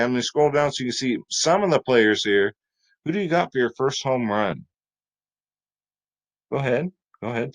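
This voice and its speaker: A man's voice: medium pitch, rough recording. Hyped chatty man hosting sports picks. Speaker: fantasy sports video host. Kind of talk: casual fantasy sports picks talk.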